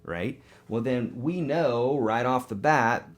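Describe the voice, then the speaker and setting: On a live webcast guitar lesson, an upbeat, fast-talking man in his morning voice now and then sings the note names; his pitch is medium.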